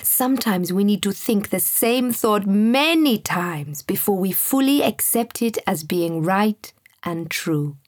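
A woman reading the lines of a kind, wise male guide, speaking in a soft, gentle voice. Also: medium pitch, lively intonation, slow pace, dry recording, studio quality.

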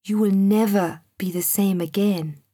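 A woman reading the lines of a kind, wise male guide, speaking in a soft, gentle voice. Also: medium pitch, fairly even intonation, measured pace, breathy edge, no room sound, studio quality.

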